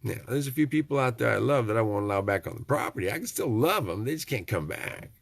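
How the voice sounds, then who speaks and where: A man's voice: mid-range voice, lively intonation, fast, vocal fry, no room sound. A middle-aged man, rambling in a folksy, preachy vlog monologue with joking asides. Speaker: vlogger.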